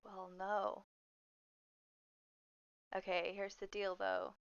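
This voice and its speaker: A woman's voice: medium pitch, little pitch movement, very slow, clean tone, dry recording, dull audio. A woman playing a tabletop role-playing game, musing aloud with trailing fillers. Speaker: player. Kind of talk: casual tabletop play.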